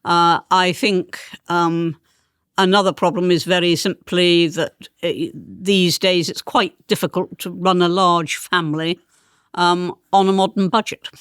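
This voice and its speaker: This older woman, a former politician, answers interview questions in received pronunciation English, rolling her R's and speaking with precision and emphasis. Her fairly low, fairly bright voice holds a steady, clean tone at a slightly slow pace. The conversational interview has studio quality and no room sound.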